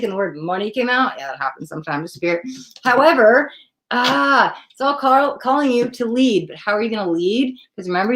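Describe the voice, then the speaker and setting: A woman hosting a live psychic tarot reading, talking straight to the viewer in a chatty, excitable way and often breaking off mid-sentence. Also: medium pitch. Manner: chatty, excitable, self-interrupting, addresses viewer directly. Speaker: psychic tarot reader, host.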